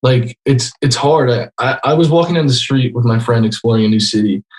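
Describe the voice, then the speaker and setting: A man in his twenties, a guest on a video call, telling a story in an animated way, full of "like" fillers. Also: mid-range voice, brisk. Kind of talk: casual video-call conversation.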